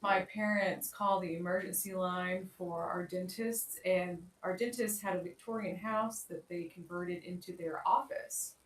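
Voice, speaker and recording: A woman's voice: fairly low pitch, steady tone, moderate pace, few pauses, far from the mic. Woman podcast co-host. Chatty, filler-heavy storyteller, a bit off-mic in an echoey room.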